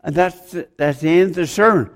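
A man's voice: on the high side, a little fast. A man preaching a sermon, rambling, joking with the congregation and asking them questions.

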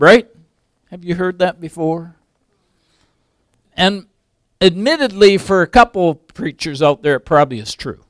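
An older man preaching a sermon, swinging from loud emphatic peaks to quiet asides. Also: fairly high pitch, clean tone, no echo, studio quality. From English background.

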